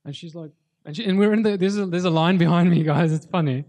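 A man's voice: sits high, fast talker, darkish tone. A man preaching a sermon in an earnest, conversational way, often restarting his sentences.

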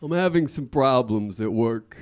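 A man plays a put-upon salesman who talks in a whiny, flustered way, stammering as he goes. His voice sits at an ordinary middle pitch for a man. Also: expressive, unhurried, a little mellow, close to an everyday voice. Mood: anxious. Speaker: salesman son.

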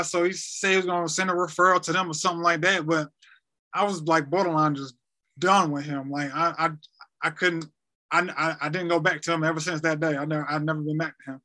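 Man, 30s, podcast guest; high, very bright voice; halting, repetitive retelling. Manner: halting, repeats words, retells quotes. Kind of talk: emotional personal story.

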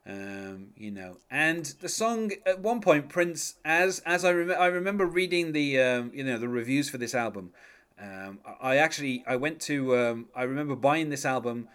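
A man's voice: moderate pace, fairly bright tone, clear, resonant tone. An English man co-hosting a casual music chat, talking in a wry, chatty way and laughing often. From England. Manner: chatty, wry, laughs often, quotes lyrics in a low murmur. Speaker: podcast co-host.

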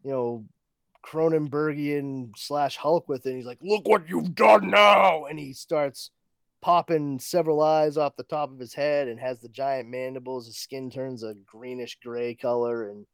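An animated man recapping a horror comic on a podcast, throwing in quick asides and laughing often. His voice sits mid-range and the recording is dry and close. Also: mid-range voice, clean tone, no echo. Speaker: podcast co-host. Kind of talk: casual comic book review chat.

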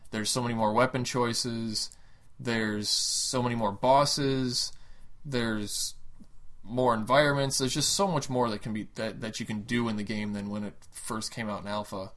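A man's voice: on the low side, a bit bright. A man co-hosting a gaming podcast, chatting casually and enthusiastically, rambling with jokes. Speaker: podcast co-host.

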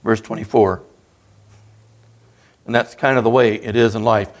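A man's voice: fairly low pitch, fairly even intonation, normal speed. A man preaching a sermon as a guest speaker, in an earnest, conversational way that builds in emphasis.

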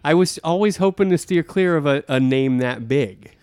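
A man's voice: on the high side, moderate pace, darkish tone, clean tone, no room sound, studio quality. A man co-hosting a podcast, chatting casually with wry, teasing banter. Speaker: podcast co-host. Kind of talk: casual chat.

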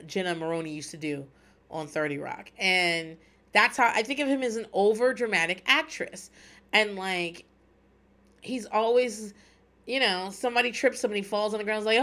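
A middle-aged woman hosting a casual chat, talking in an animated, rambling way with plenty of swearing and laughter. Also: medium pitch. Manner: animated, profane, laughs often, rambling asides. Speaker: podcast host recapping reality TV.

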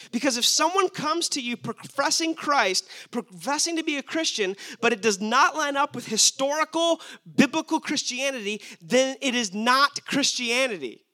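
A man's voice: very high voice, sharp tone. A young man preaching a sermon, emphatic and asking his listeners rhetorical questions.

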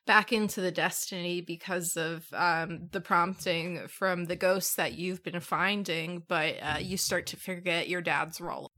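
A woman's voice: on the low side, steady tone, a little slow, few pauses, bright, forceful tone. A woman narrating as game master of a tabletop game, with hesitant fillers.

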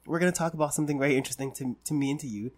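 A man's voice: a little high, racing, background noise. A man hosting a podcast in casual chat, tipsy, rambling and joking loosely. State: drunk. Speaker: podcast host.

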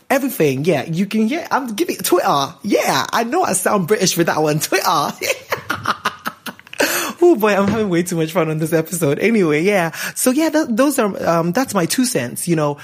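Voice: medium pitch, husky. A podcast host, chatting playfully and laughing often while signing off. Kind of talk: casual chat.

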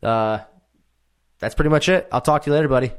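A man's voice: mid-range voice, quick pace, smooth. A man hosting a podcast, talking in a laid-back, earnest way and often repeating words. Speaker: podcast host. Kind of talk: casual chat.

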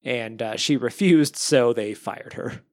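A man from Arizona chats on a podcast in a playful, lively way. His voice sits in the middle range and is recorded dry and close. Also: medium pitch, slow, no echo. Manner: chatty, playful, animated. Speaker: podcast co-host. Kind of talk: casual podcast chat.

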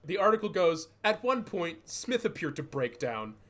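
A man hosting a comedy podcast. His voice is on the high side and swings widely in pitch. He chats in a loose, mocking way and swears often. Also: normal speed. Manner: animated, laughing, profane, mocking. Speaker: podcast host. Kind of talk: casual comedic chat.

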